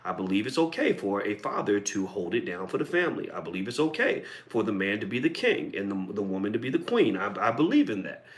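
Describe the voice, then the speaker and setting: A man's voice: fairly low pitch, very animated, fast talker, few pauses. Blunt, profane middle-aged man commentator. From Kentucky. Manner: blunt, profane, combative, emphatic. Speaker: online commentator. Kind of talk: video commentary monologue.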